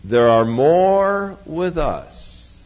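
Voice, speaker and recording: A man doing a steady, reassuring old prophet with a homespun, folksy turn of phrase. The voice sits slightly high and moves slowly. It comes through a muffled recording with a long reverb tail. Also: full character voice. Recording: dull lo-fi, long church reverb.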